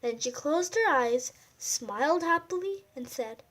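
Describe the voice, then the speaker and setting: A woman reading a picture book aloud in an animated way and adding chatty comments about the pictures. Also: sits high, a little slow, husky. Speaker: storyteller.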